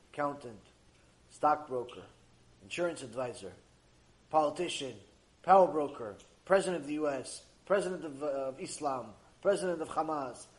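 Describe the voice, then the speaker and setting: Man, Torah teacher, animated storytelling lesson, fairly high voice, acts out characters. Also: rough recording.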